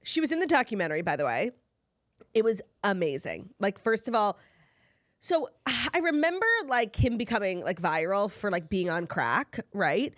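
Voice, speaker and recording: A woman co-hosting a podcast in casual chat, animated and laughing often as she tells stories. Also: mid-range voice, normal speed, dry recording, studio quality. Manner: animated, laughs often, gasps while storytelling. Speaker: podcast co-host.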